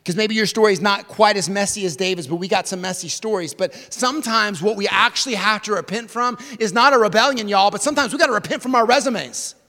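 A man preaching a sermon in a lively, casual way, with slang and sudden swings from loud to hushed. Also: high voice, fast, hardly any pauses. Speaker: pastor. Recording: long reverb of a large hall.

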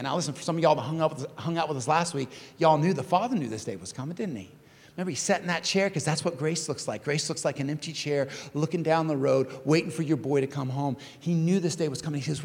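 A man preaching a sermon in a conversational, animated way, often repeating his phrases. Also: a little high, normal speed, gravelly, long reverb tail. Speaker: pastor.

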